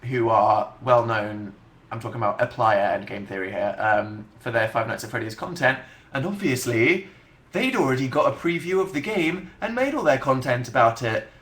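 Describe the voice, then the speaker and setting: Young male livestream host, casual and self-deprecating, bright voice, echoey home room. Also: medium pitch, animated, normal speed. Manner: chatty, dry and self-mocking, hums to himself. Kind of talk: casual livestream chat reading viewer comments.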